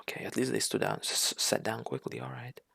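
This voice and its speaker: A man's voice: medium pitch, steady tone, fairly quick, gravelly, a crowd in the background, noisy background. A man from Russia giving a ranting reaction commentary, incredulous and sarcastic, often stumbling over restarts.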